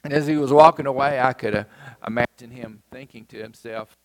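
A man's voice: medium pitch, fairly even intonation, fairly quick. A man preaching a sermon in a folksy, earnest storytelling way. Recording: long hall reverb.

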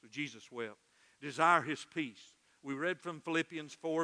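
A middle-aged male pastor preaching a sermon in a church, earnest and emotional, dropping soft and then swelling loud. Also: fairly high pitch, unhurried, big-room sound. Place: church sanctuary.

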